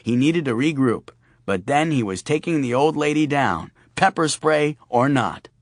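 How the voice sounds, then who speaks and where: A man's voice: medium pitch, lively intonation, moderate pace, no room sound, studio quality. A man narrating an audiobook in a wry, storytelling manner. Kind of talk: scripted narration.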